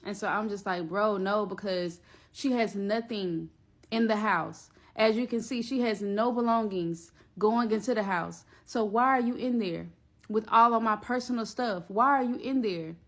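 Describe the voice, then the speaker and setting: A woman spins a personal story in a loose storytime vlog, cursing freely and voicing everyone involved. She sits at an ordinary middle pitch and talks with blunt, lively energy. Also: normal speed. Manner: blunt, profane, animated retelling with quoted voices. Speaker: storyteller recounting a personal ordeal.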